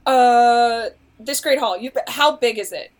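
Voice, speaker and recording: A woman playing a tabletop game, chatting in a playful, giggly way with quick banter. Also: a little high. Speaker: player.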